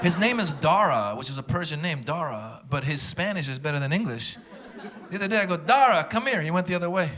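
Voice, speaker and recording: A middle-aged man from Iran doing an animated stand-up routine on a club stage, acting out characters. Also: on the high side. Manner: animated, acts out characters with quick repeated greetings. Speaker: stand-up comedian. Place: comedy club stage with live audience. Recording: live crowd laughter and ambient noise.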